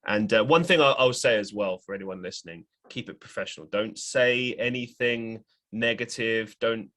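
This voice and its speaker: A man's voice: on the low side, moderate pace, fairly bright tone. A man hosting a podcast, talking casually and frankly, with a slightly irritated, ranting manner. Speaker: podcast host.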